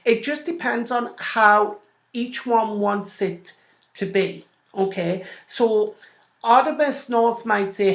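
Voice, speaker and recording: A woman's voice: fairly high pitch, unhurried. A woman hosting an online radio show, chatting casually and addressing listeners directly as she explains business networking with made-up examples. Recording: roomy echo.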